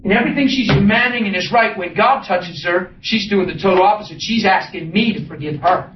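High-voiced man preaching in a roomy hall. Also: a little fast. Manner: animated, laughing, shifts between soft and exclaiming. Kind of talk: sermon testimony. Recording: roomy, distant, muffled with noise.

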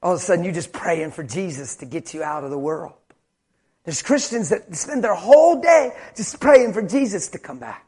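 A high-pitched man delivers a sermon with fire. He builds to loud, shouted exhortations, then drops to a low, intense hush. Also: lively intonation, normal speed, breathy edge. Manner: passionate, swings from shouting to quiet intensity. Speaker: preacher.

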